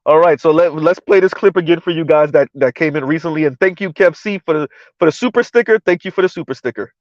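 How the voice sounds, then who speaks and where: A man hosting a live-stream commentary show, talking in an animated, incredulous way, repeating words and restarting sentences. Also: fairly high pitch, quick pace, no echo, muffled recording.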